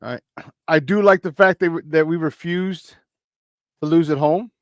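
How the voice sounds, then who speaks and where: A man from hosting a casual morning sports talk show, rambling and excitable, breaking into laughs. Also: a little high, moderate pace, no echo, studio quality.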